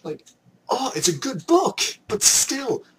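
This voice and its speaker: A young man from Canada ranting excitedly in a vlog, slipping into mock voices as he goes. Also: extremely high pitch, slow, a little hiss or hum. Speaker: vlogger.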